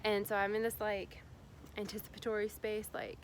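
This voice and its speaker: A woman's voice: mid-range voice, monotone, normal speed, a little hiss or hum. A woman from Indiana, a spiritual guide, talking casually and rambling with many fillers and restarts. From Indiana, USA. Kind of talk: casual spiritual vlog talk.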